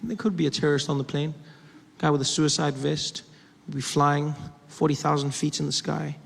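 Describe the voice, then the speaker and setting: A man performing a stand-up comedy set, animated and laughing as he tells his stories. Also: a little high, normal speed, creaky. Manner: animated, laughing, shifts into voices. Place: live comedy stage. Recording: echoey live venue, faint noise.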